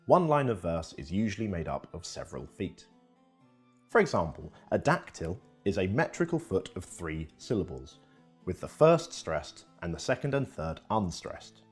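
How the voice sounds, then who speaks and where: A man with a low, slightly husky voice narrates an educational piece from a script. His delivery swings widely in pitch, keeping the telling lively. Soft music plays underneath. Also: moderate pace.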